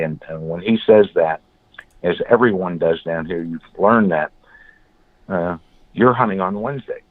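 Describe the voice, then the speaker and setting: A man guest in an interview, telling blunt, animated stories and acting out what others said. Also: low voice, unhurried, pauses often, no room sound. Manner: blunt, animated storyteller, acts out quotes. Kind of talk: storytelling in an interview. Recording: phone-like, dry call audio.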